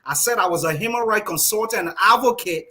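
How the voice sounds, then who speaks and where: A man's voice: sits high, a little fast, pushed and bright, slightly rough. A man on a panel, defending his position and pushing back. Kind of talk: heated panel debate.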